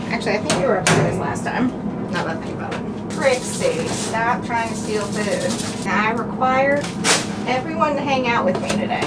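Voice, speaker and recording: A woman vlogger talking to shelter cats in a gushing, affectionate baby-talk voice. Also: a little high. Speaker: vlogger volunteering at an animal shelter. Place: cat room at an animal shelter. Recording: distant mic with loud background noise.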